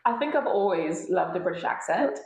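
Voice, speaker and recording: A woman's voice: lowish voice, brisk, vocal fry. Earnest young woman in echoey room. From United States. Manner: earnest and animated, laughs often. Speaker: pageant titleholder guest. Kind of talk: casual interview conversation.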